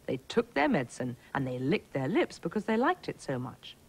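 Female schools TV presenter, lower voice, lively storybook telling for small children. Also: normal speed, low-quality recording. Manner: gentle, clear, sing-song storytelling. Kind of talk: storybook narration to young children.

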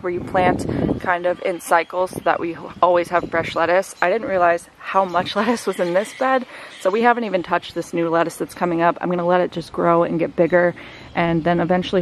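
A woman vlogger giving a relaxed, chatty tour of her backyard garden outdoors, talking to the camera as she walks around. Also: fairly low pitch, slight background noise. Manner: chatty, relaxed, filler-heavy. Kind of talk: casual walk-through vlog.

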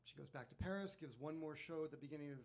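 Male speaker at a listening event, slightly high voice, casual and animated. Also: fast. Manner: chatty, animated, frequent fillers. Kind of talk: storytelling talk to a live audience.

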